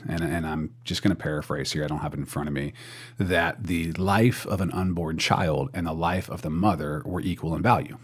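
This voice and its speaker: A man's voice: low-pitched, slightly rough. A young man hosting a church podcast in casual chat, rambling and repeating words as he thinks. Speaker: podcast host.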